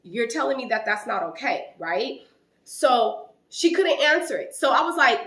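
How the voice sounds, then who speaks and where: A woman vlogger telling a story in an animated way and acting out conversations. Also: fairly high pitch, a little slow, echoey room. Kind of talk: storytime vlog.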